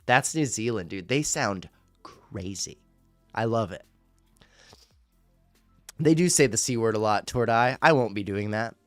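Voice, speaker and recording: A young man chats casually as the host of a livestream. His voice is smooth and clear at a middling pitch, and he rambles in a loose, filler-heavy way. The sound is dry and close, with faint music underneath. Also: moderate pace, long pauses, fairly bright tone, dry recording.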